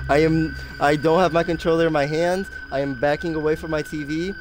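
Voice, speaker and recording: A young man commentating his own game live for viewers in a casual, chatty way. His voice sits a bit high, and he comes across anxious and excitable. Clear noise hums behind him. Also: fairly quick, hardly any pauses. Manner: anxious, excitable, talks to chat. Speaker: game streamer.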